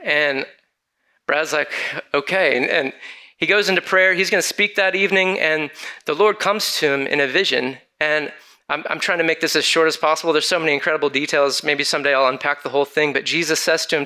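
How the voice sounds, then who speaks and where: Male preacher, bright edgy voice, animated storyteller who acts out the quoted voices. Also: fairly high pitch, fairly quick. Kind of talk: storytelling sermon.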